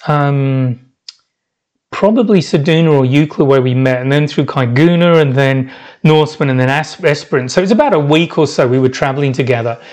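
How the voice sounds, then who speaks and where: A man's voice: on the high side, a little mellow. A middle-aged man hosting a podcast, telling a travel story in a rambling, reflective way with many restarts. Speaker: podcast host.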